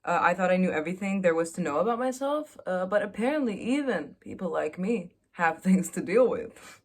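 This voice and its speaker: A woman's voice: on the low side, expressive, brisk. Candid, chatty young woman vlogger. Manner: chatty, candid, self-mocking storyteller. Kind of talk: casual confessional chat.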